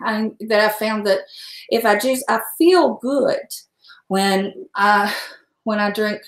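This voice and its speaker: A woman's voice: mid-range voice, slow. A woman chatting casually while she cooks on a livestream. She rambles from one thing to the next and talks frankly, with a salty word here and there. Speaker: home cook livestreaming. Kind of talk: casual chat while cooking. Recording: echoey room.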